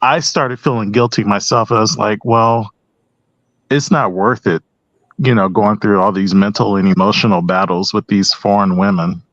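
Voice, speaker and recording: Hesitant low-voiced man on a panel. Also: steady tone, normal speed, fairly bright tone, no room sound, lo-fi sound. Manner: hesitant, many restarts and ums. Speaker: panel guest. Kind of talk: casual panel discussion.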